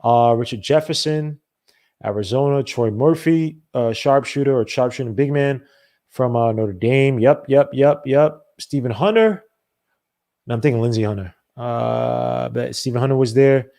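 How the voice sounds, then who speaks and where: Brief: male podcast host, mid-pitched, rambling animated solo rant. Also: normal speed, vocal fry. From not from the American South. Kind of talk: casual solo sports talk.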